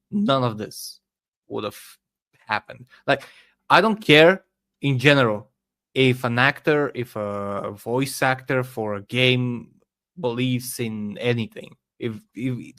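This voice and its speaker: A man speaking as a podcast guest, giving forceful opinions with frequent hesitations. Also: mid-range voice, no echo. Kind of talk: casual online debate chat.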